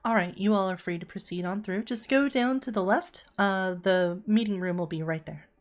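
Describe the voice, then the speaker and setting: A woman's voice: medium pitch, moderate pace, lightly acted. A woman voicing a courteous female bank receptionist in a tabletop game. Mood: polite. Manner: courteous, customer-service tone.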